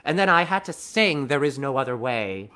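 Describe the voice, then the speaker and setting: Bright-voiced man telling stories. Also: mid-range voice. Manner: animated, quick-talking anecdotes with many restarts. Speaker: guest, musical theater actor. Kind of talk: conversational interview storytelling.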